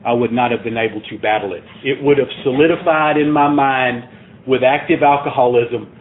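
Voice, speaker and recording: A man's voice: medium pitch, a little fast, slight background noise. Earnest male speaker, recovery share, plainspoken; tinny phone-like audio. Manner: earnest, plainspoken, builds to emphatic points. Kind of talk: personal recovery talk.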